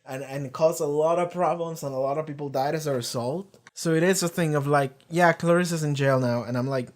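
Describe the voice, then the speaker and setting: A man giving loose, unscripted reaction commentary on a TV episode, rambling with lots of fillers and the odd curse, often trailing off softer at the end of phrases. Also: on the high side, fairly quick. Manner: rambling, heavy use of "like", casual swearing. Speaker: TV series reaction streamer. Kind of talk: casual live reaction commentary.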